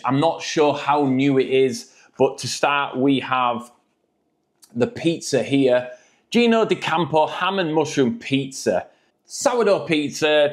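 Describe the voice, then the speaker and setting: A man reviewing frozen food in a jokey, chatty vlog. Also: on the high side.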